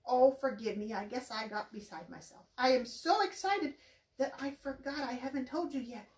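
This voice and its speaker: A woman voicing an excited, hopeful mother rat who gushes in a high voice. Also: normal speed, reverberant, far from the mic, lightly acted.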